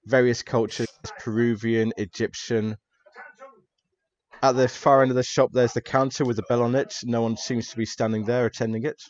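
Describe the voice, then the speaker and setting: A man's voice: mid-range voice, level tone, normal speed, darkish tone, muffled recording. A man narrating as game master of a tabletop horror game, describing scenes with fillers.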